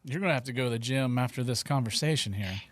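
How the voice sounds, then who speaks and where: A man hosting an interview, low-key and mostly giving brief acknowledgments. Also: fast, no room sound. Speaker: interview host.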